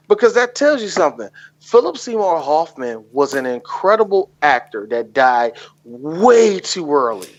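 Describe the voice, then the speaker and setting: A man's voice: high-pitched, moderate pace, lo-fi sound. A man co-hosting a casual movie podcast, joking, laughing and acting out scenes. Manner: animated, laughing, acts out movie lines in loud voices. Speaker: podcast co-host.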